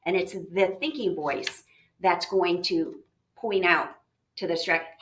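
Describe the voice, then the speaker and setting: A woman teaching a reading lesson, talking in a lively way and acting out the inner voices of a reader. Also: fairly low pitch, takes it slowly. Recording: echoey room, voice a bit distant.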